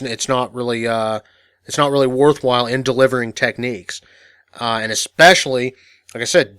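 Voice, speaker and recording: A man's voice: medium pitch, bright, forceful tone, no echo, studio quality. A man teaching an instructional audio course in a matter-of-fact, casual way, full of fillers and restarts. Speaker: dating coach.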